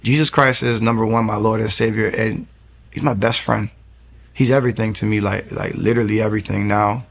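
Low gravelly guy telling his story earnest, keeps restarting lines. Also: fairly even intonation, a little fast. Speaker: interview guest; young pastor. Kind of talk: testimony interview.

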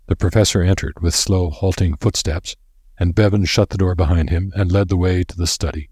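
A man narrating a story in a steady, measured reading voice. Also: deep voice, breathy edge, dry recording, studio quality. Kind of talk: audiobook narration.

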